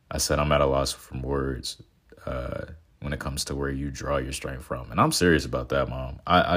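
A twenty-year-old man in casual, reflective talk, earnest and sentimental, rambling with many fillers and restarts. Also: very deep voice.

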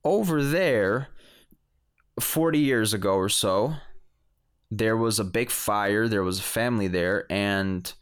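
A woman's voice: very deep voice, slow, smooth. A man voicing an elderly woman neighbor in her seventies, chatty and matter-of-fact. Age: 70s.

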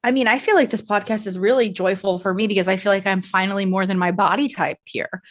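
A woman's voice: mid-range voice, fast talker. A young woman co-hosting a podcast, telling stories candidly in casual chat and swearing freely. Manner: candid, profane, animated storytelling. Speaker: podcast co-host.

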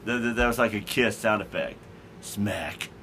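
A man's voice: fairly low pitch, a little fast, pushed and bright, slight background noise, low-quality recording. A man hosting a casual talk show, rambling with lots of stammered restarts and fillers. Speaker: podcast host. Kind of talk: casual chat.

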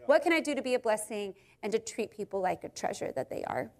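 A woman in her thirties giving a conversational sermon, telling family stories in a chatty, animated way with frequent fillers. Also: medium pitch, quick pace. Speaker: speaker at a church gathering.

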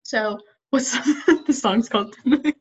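A woman's voice: on the high side, takes it slowly, slightly rough. A teenage girl from the Midwest chatting casually, blunt and sassy and laughing a lot. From Midwestern United States. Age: teens. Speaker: co-host. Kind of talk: casual chat. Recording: slightly dull, lo-fi sound.

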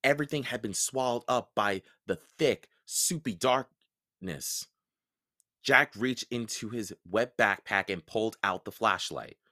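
A man reading a children's book aloud for a podcast, expressive and unhurried. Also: on the low side. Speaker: podcast storyteller.

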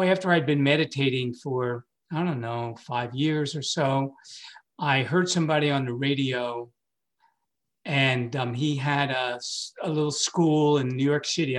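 A man in his sixties, a meditation teacher, telling a personal story in a casual way, laughing often and jumping high when he quotes himself.

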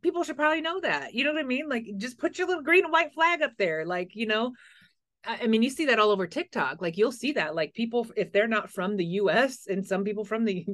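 This is a woman from the United States in casual conversation, who talks frankly and vividly. She often slips into little acted-out quotes as she tells a story. Her pitch sits in a middling range for a woman. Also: fairly bright tone. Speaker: podcast host. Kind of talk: casual chat.

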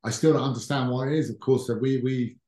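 A man's voice: medium pitch, fast talker. Man in his thirties, easygoing podcast guest, mid-range voice, some room echo. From England. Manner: relaxed storytelling with frequent restarts and fillers. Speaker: podcast guest, former rugby captain. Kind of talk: casual interview chat. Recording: roomy echo.

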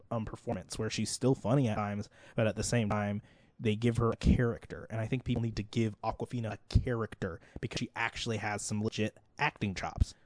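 A man's voice: lowish voice, darkish tone, no echo. A man, co-hosting a casual podcast about movies, talking in a loose, rambling way full of "like". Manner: rambling, heavy on "like" fillers. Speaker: podcast co-host.

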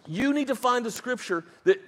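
A middle-aged male pastor preaching a sermon in a high voice. He talks fast and with emphasis, tossing quick asides to his congregation. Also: expressive, long reverb tail.

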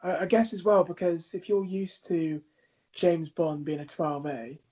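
A man's voice: fairly high pitch, unhurried, husky. A man in casual podcast chat, swearing freely and laughing as he tells stories. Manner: swears freely, laughs a lot, animated storytelling. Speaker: podcast co-host. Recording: dull lo-fi sound.

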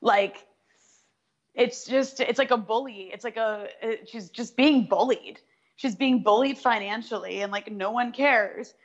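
A woman's voice: fairly high pitch, a little slow, highs cut off. A woman co-hosting a casual political discussion, talking in an indignant, casual way with many fillers. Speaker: political commentary co-host.

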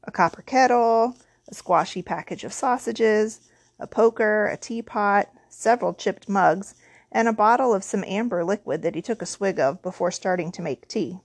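A woman's voice: medium pitch, moderate pace, no room sound. Woman reading a storybook, dry close sound. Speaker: audiobook reader. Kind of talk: storybook narration.

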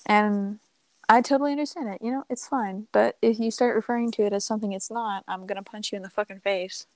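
A woman's voice: medium pitch, steady tone, fast, a little mellow. A young woman co-hosting a casual podcast chat, rambling with lots of fillers and casual swearing. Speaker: podcast co-host.

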